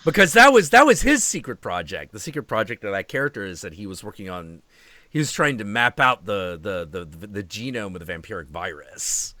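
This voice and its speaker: A man's voice: on the low side, fairly quick, no echo. A man hosting a stream, telling stories in a casual chat and acting out quotes, swearing freely. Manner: animated storytelling with profanity and acted-out quotes. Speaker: stream host.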